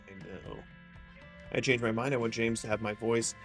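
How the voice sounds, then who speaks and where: A man's voice: mid-range voice, fairly even intonation, moderate pace, a bit bright, soft background music. A man casually commentating a live game stream, joking with chat and swearing freely. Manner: playful, profane, joking with chat.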